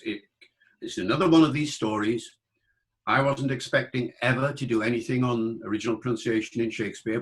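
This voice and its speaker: A man's voice: mid-range voice, low-quality recording. An older British man, a linguist guest in an interview, explaining in an engaged way and demonstrating pronunciations aloud. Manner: explanatory, demonstrates accents by voicing examples. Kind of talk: interview conversation.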